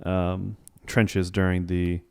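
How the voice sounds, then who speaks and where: A lower-voiced man talking through a film on a podcast, circling his points with plenty of hesitation. His voice is smooth and resonant, recorded dry and close. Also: level tone, takes it slowly, darkish tone, no echo. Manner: rambling, hesitant, lots of fillers and restarts. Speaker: podcast co-host. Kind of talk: casual film review chat.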